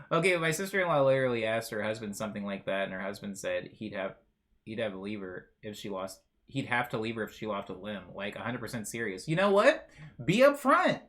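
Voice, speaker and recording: A man's voice: fairly low pitch, big pitch swings, brisk, fairly bright tone. A male streamer chatting casually on a live stream, rambling and joking with bursts of mock outrage while reading chat aloud.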